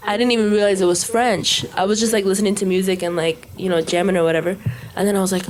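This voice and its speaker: A woman's voice: mid-range voice, fairly even intonation, quick pace. A young woman co-hosting a podcast, chatting in a playful, blunt way and laughing often. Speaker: podcast co-host. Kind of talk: casual podcast chat.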